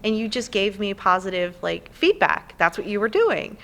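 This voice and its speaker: Animated woman guest telling stories. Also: medium pitch, moderate pace. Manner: animated, quotes people in playful voices. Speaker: podcast guest. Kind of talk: casual chat.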